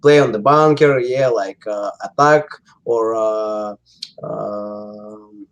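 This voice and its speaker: A man with a Russian accent, a native Russian speaker, answering interview questions in English with many pauses and fillers. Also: on the low side, fairly even intonation, dull audio. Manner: halting, many fillers and restarts. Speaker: interview guest. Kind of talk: casual interview.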